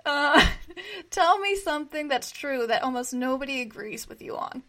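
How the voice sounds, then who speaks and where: A woman with a high voice hosts a casual interview. Her tone is bright and sharp, and she is chatty and quick to react to her guest. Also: lively intonation.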